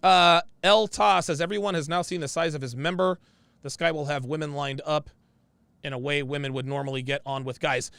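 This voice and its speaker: A high-pitched man with a gravelly edge talks through a casual livestream and reads viewer comments aloud. His delivery is blunt and full of slang, and he often says the same phrase twice for emphasis. The sound is dry and close. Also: steady tone, fairly quick, fairly bright tone, dry recording.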